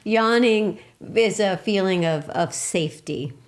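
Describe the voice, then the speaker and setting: Woman co-host just chatting about relaxing, mid pitch, loose and casual. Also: a little slow. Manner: chatty, explaining with fillers. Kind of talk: casual explanatory chat.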